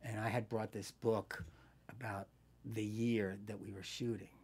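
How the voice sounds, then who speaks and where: An older man in a relaxed interview, telling a story from a film set. He swears casually and slips into voices when quoting others, keeping the story animated. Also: on the low side, unhurried, slightly rough. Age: 60s. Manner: animated storyteller, swears freely, acts out quotes. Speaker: guest actor.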